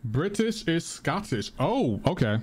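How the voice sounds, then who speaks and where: A man talks loosely to his stream while he plays, a touch higher-pitched than most men. He rambles, circles back and repeats phrases, and answers chat out loud as it comes in. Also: very animated, a little slow, husky. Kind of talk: casual live-stream chat while gaming.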